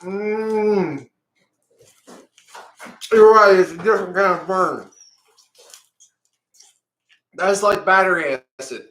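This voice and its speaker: A man talks slowly and painfully, short of breath as his mouth burns. His voice has a bright edge and rings in an echoey room. Faint noise sits behind him. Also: high voice. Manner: pained, groaning, slow-spoken. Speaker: vlogger. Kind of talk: reacting on camera to a hot pepper.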